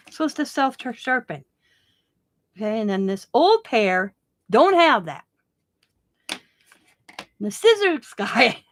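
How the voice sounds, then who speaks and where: A woman's voice: medium pitch, slight background noise. A woman hosting a craft vlog, chatty and often laughing as she tells a story. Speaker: craft channel host. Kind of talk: casual craft vlog chat.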